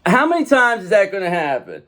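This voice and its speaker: A man's voice: sits high, huge pitch swings, brisk, a bit bright. A man giving a casual tarot card reading, blunt and profane, rambling as he talks straight to the viewer. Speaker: tarot reader.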